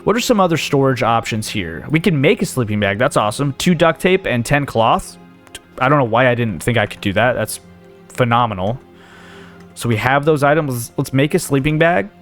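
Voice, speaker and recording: A man's voice: mid-range voice, lively intonation, a little fast. Rambling man thinking aloud over game music. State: hiccups. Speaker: gaming channel host. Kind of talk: casual let's play commentary.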